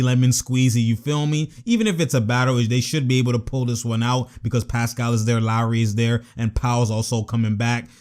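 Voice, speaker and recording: A young man giving excitable, slangy basketball reaction commentary and laughing often. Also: medium pitch. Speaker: sports vlogger.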